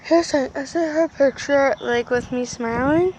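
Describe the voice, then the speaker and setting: A woman with a high voice tells a story to her camera in a loose, rambling way, packing it with "like" and mild stand-in swears. She is recorded outdoors somewhere rural, and steady background noise sits under her voice. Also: moderate pace, muffled recording. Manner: rambling, filler-heavy, says "flippin'" and "effing" instead of swearing. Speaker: vlogger.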